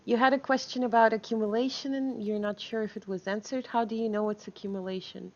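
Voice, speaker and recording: A woman's voice: medium pitch, muffled recording. A woman streaming live, chatting casually with viewers, reading chat aloud and laughing often.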